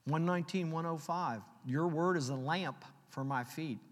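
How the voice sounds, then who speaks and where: A man preaching a sermon, reading scripture slowly and telling personal stories in a conversational way. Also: fairly high pitch. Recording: long hall reverb.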